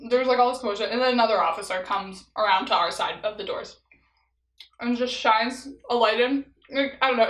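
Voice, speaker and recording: A woman's voice: a little high, fairly bright tone, reverberant, poor audio. A young woman telling a story in a casual vlog while eating, chatty and laughing often, leaning on "like" as filler. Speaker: vlogger.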